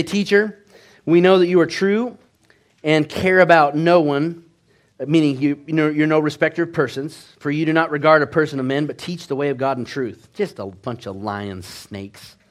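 A man preaching a sermon as pastor, telling stories with animated swings between hushed and loud delivery. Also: on the high side.

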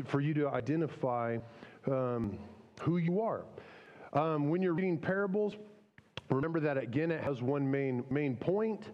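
Male pastor, relaxed chatty preaching style, slightly high voice, long hall reverb. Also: lo-fi sound. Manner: conversational, many fillers and restarts. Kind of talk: casual sermon.

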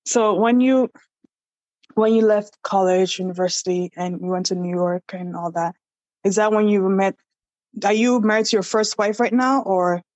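A woman's voice: medium pitch, steady tone, normal speed, darkish tone, no echo, lo-fi sound. A woman interviewing a guest, asking questions and reacting with encouragement.

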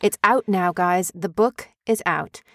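Playful chatty mum. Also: female voice, fairly low pitch, a little slow, no room sound, studio quality. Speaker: vlog host and author. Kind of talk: casual family vlog chat.

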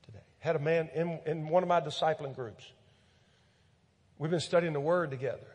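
A man preaching a sermon as pastor, earnest and pleading, repeating words, swelling loud and then dropping soft. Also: on the high side, normal speed, pauses often, breathy edge. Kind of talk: sermon with altar call. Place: church sanctuary. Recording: long church hall reverb with soft music.

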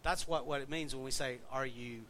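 A man's voice: medium pitch, steady tone, brisk, a bit bright, slight background noise. A man preaching a sermon in a conversational way, often asking the congregation questions. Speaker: pastor.

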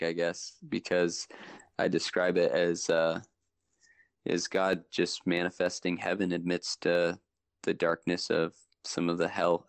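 A young man, a guest on a chat show, telling stories from his emergency-room work in an animated way, his voice climbing high when he acts out what people said. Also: creaky, dry recording. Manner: animated, jumps high when retelling dialogue. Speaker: podcast guest, ER worker. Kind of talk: casual storytelling chat.

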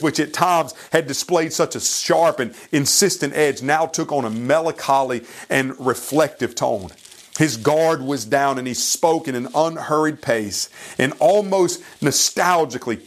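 A man preaching a sermon who retells a story in an earnest, pleading way and speaks slowly and deliberately. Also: mid-range voice.

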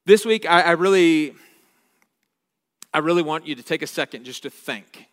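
A man's voice: a little high, fairly bright tone. Earnest man preaching in a reverberant hall. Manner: earnest, halting restarts, slows down on key words. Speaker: pastor. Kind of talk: sermon. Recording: long reverb with faint guitar music.

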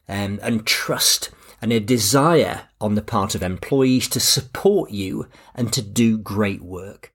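Husky-voiced man hosting a podcast. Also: mid-range voice, slow pace. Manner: relaxed, anecdotal, self-deprecating. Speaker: podcast host. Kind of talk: scripted podcast narration.

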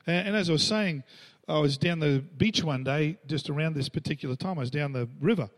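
Animated Australian male pastor. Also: a little high, brisk. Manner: animated, acts out quoted voices, laughs between lines. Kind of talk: storytelling sermon.

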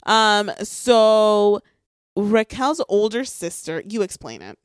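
A woman's voice: mid-range voice, lively intonation, slow, clear, resonant tone, no room sound. Chatty young woman gossiping, dry sound. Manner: chatty gossipy storytelling, many "like" fillers. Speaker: podcast co-host. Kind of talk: casual chat recapping reality TV.

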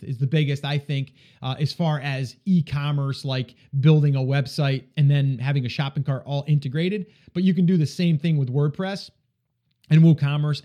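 A male podcast host with a slightly higher voice answers listener questions in a relaxed coaching tone. He talks casually and keeps checking that listeners are following with a quick "okay?".

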